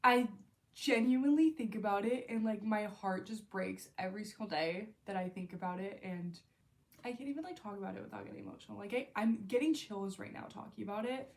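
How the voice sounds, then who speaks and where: A woman's voice: medium pitch, fairly quick. Gushing young woman reviewing books. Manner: gushing, emotional, lots of fillers. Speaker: book vlogger. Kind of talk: casual book review monologue.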